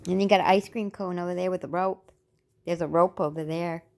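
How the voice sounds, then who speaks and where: A woman's voice: fairly low pitch, fairly even intonation, fairly quick, creaky, a little mellow. A woman cooing to her pet at home in repetitive, sing-song talk. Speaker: pet owner.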